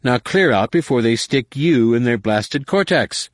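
A man's voice: medium pitch, lively intonation, a little slow, dry recording, clean studio sound, pitched above the performer's own voice, close to an everyday voice. A man voicing a short, arrogant male alien officer who gives curt orders, in an audiobook. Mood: commanding. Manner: curt, commanding.

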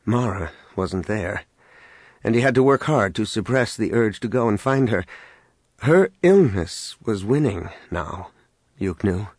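A man narrating a science-fiction audiobook with a dramatic, expressive reading. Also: on the low side, no echo. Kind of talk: scripted narration. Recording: music clearly behind.

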